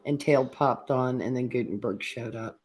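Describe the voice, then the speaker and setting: A woman on a casual panel chat, easygoing and quick to giggle, talking from her home. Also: a bass voice, a little mellow, a little hiss or hum. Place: home with an open floor plan.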